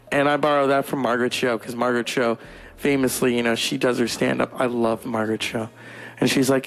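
A young man from California doing crude, profane stand-up storytelling, putting on shrill voices for other people. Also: level tone, a little fast, soft background music. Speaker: stand-up comedian. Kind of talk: stand-up monologue.

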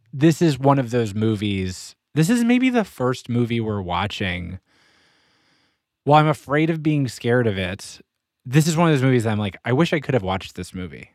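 A man co-hosting a podcast in casual chat, self-deprecating and halting, with frequent restarts. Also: medium pitch, sing-song, no echo, clean studio sound. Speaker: podcast co-host.

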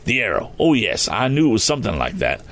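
A man voicing an excitable, eccentric gentleman motorist who rambles and keeps exclaiming fussy oaths in a storybook reading. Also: lowish voice, fast, full character voice. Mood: rambling.

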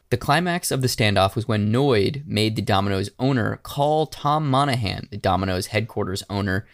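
A man co-hosting a casual podcast, recounting a strange crime story. He breaks into loud, animated, profane impressions of the people in it. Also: on the low side. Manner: animated storytelling, acting out shouted quotes with profanity. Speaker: podcast co-host.

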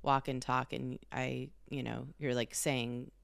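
A woman's voice: rumbling low, flat delivery, a little slow, gravelly, a bit bright, clean tone, no room sound. A woman in her thirties, a parent, chatting casually and rambling with lots of fillers. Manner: rambling, filler-heavy storytelling. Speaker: parent of a young child. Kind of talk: casual chat.

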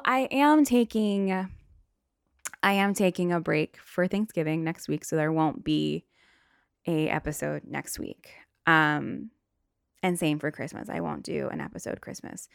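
A young woman talks through a casual solo podcast with blunt, profane stories. Her voice sits a little low with a gravelly edge, and the sound is close and dry. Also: no room sound. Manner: blunt, profane storytelling with acted outbursts. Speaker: podcast host.

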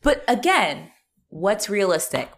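A woman's voice: medium pitch, big pitch swings, slow pace, vocal fry. A woman co-hosting a podcast, casually chatting about a movie, laughing often and swearing freely as she retells scenes. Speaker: podcast co-host. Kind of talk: casual movie discussion chat.

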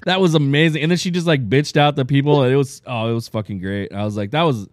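A man's voice: mid-range voice, quick pace, no echo, clean studio sound. A man hosting a podcast, laid-back and agreeable, often calling his guest dude or man. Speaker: podcast host. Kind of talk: casual podcast interview.

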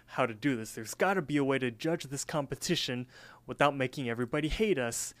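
A man's voice: mid-range voice, fairly quick, dry recording, lightly acted. A man voicing a level-headed young male slacker in a plain, wary tone during a podcast cartoon recap.

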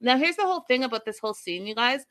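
A woman casually recapping a reality show episode, chatty and animated, with sarcastic asides. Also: fairly high pitch, fast talker.

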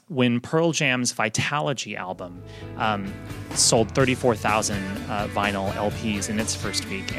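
A man co-hosting a music podcast, explaining chart figures in a steady, informative way with occasional fillers. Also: on the low side, no room sound, studio quality. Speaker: podcast co-host, chart analyst. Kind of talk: casual podcast chat, explaining chart facts. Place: Los Angeles, remote line.

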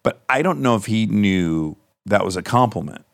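A male podcast host in casual chat, telling lively stories and swearing freely. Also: lowish voice, moderate pace, gravelly, no room sound, clean studio sound. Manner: animated storyteller, swears freely.

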